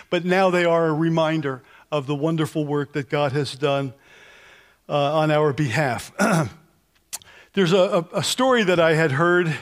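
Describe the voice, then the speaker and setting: A man preaching a sermon as pastor, telling stories conversationally with frequent restarts. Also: on the high side. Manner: sings hymn lines slowly.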